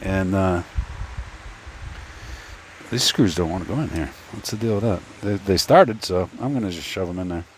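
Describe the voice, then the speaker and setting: A deep-voiced man speaks at a moderate pace with long pauses while tinkering with a 3D printer, casually telling a story and talking to himself in a rambling, stop-start way. He's a 3D printing YouTuber recording on a phone, with a little hiss or hum.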